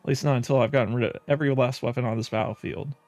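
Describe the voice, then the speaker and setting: A man's voice: medium pitch, fairly even intonation, very fast, darkish tone, lightly acted. A man voicing a bitter, grumpy ghostly echo who guards a ruined garden, talking in curt, scornful and dismissive lines.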